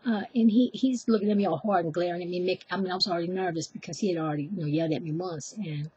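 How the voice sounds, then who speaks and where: Woman storyteller, husky and warm, chatty with asides, recorded dry and close. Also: fairly low pitch, racing, few pauses, no room sound, highs cut off. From Oakland, California. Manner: chatty, animated, acts out voices, self-deprecating asides. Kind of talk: live personal storytelling.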